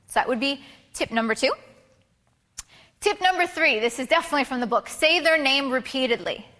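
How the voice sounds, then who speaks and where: A woman's voice: high-pitched, lively intonation, fairly quick, long pauses, bright, forceful tone. A woman giving a casual, chatty photography workshop talk to a live group, full of fillers and restarts. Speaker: photography instructor. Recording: reverberant hall recording.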